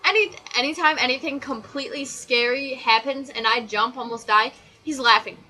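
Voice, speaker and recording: A woman's voice: sits high, normal speed, bright, forceful tone, low-quality recording. A teenage girl vlogging a casual, sarcastic rant about her pet peeves. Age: teens. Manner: chatty, exasperated, sarcastic. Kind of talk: casual ranting list.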